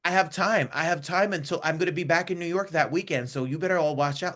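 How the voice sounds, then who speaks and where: Upbeat guy hosting an interview, bright forceful voice, super gushy and chatty. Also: fairly high pitch, fast. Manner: effusive, gushing, upbeat. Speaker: talk show host. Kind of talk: casual interview chat.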